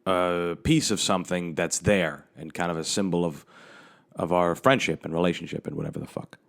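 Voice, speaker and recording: Male comic hosting his own podcast: very low voice, loose and rambling, swears freely, talking into a handheld mic. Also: steady tone, moderate pace, creaky, fairly bright tone. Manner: rambling and profane, with frequent restarts. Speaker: comedian and podcast host. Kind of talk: casual comedic storytelling. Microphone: handheld microphone.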